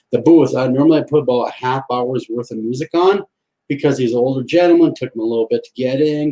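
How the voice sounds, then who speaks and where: A man's voice: medium pitch, warm tone, reverberant, low-quality recording. A man telling a personal ghost story in a casual interview, acting out the quoted lines of the people in it. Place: home, on a live video stream. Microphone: video call.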